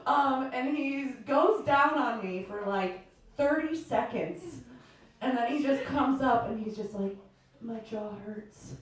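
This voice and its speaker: A woman's voice: high-pitched, lively intonation, a little slow, very echoey, recorded from a distance. A woman from the American Midwest performing a chatty, self-deprecating stand-up comedy set in a comedy club, often laughing at her own lines. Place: comedy club stage with audience.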